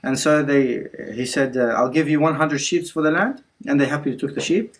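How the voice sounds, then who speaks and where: A man's voice: a little high, a little fast, poor audio. A man teaching a religious class in an indoor community centre. He tells the story casually, with many fillers, and drops in Arabic words. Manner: retells scenes with quotes and frequent fillers; code-switches with Arabic words.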